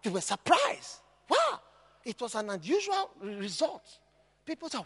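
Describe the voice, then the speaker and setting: A male preacher delivering an emphatic sermon, often shouting and mimicking the people he scolds. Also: very high-pitched, wildly swooping pitch, normal speed, breathy edge.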